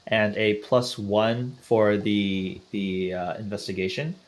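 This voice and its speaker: Male player, fairly low voice, methodical, adds up his rolls aloud on a call. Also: steady tone, slow pace. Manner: methodical, talks through his numbers. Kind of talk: tabletop game play. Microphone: video call.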